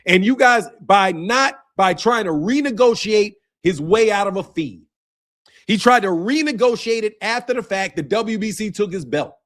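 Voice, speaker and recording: A young male boxing streamer with a high voice, lively intonation, and a fairly bright tone talks at a moderate pace. He's combative, ranting at the viewers in chat and repeatedly adding "bro."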